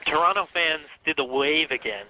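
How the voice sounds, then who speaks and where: A man's voice: a little high, moderate pace, noisy background. A man co-hosting a wrestling podcast, wry and sarcastic in casual chat. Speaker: podcast co-host. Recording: dull lo-fi podcast audio.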